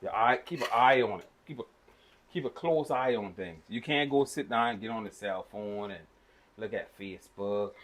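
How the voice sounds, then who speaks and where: A man's voice: on the low side, normal speed, a bit bright. A middle-aged man, casually teaching how to cook in a folksy, laid-back way. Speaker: home cook, father. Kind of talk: casual cooking instruction.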